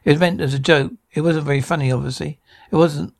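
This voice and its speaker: A man's voice: fairly high pitch, fairly even intonation, fast talker, gravelly. An actor playing an irritable middle-aged man who squabbles in sitcom dialogue, stammering and restarting. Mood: apologetic. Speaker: sitcom character.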